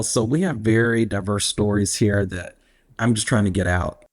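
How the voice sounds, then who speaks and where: A man, his voice on the low side. He talks in an unhurried, reflective way and laughs easily as a guest in a relaxed interview. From Alabama, US. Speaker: guest, activist. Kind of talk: casual interview conversation.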